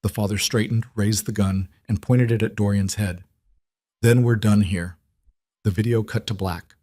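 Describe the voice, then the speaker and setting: A man narrating a crime story in a measured, tense scripted read. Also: fairly low pitch, fairly even intonation, warm tone, no room sound, studio quality.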